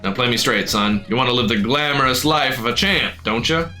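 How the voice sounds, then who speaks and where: A man's voice: medium pitch, drawn-out words, fairly bright tone, soft background music. A man voicing a boisterous, folksy old male fighting-club boss in a game, with a drawling country twang.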